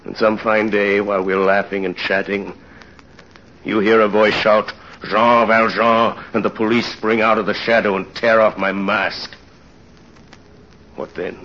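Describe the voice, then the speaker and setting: An actor playing a tormented aging ex-convict father in an old-time radio drama, speaking in a somber, halting way. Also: fairly low pitch, little pitch movement, fairly bright tone, muffled recording, slight background noise. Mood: grave.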